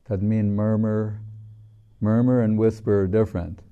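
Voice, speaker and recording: An older man giving a slow, reflective devotional talk as a spiritual teacher, opening with chanted prayers. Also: lowish voice, fairly even intonation, dark tone, muffled recording. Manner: slow and reflective, with long pauses.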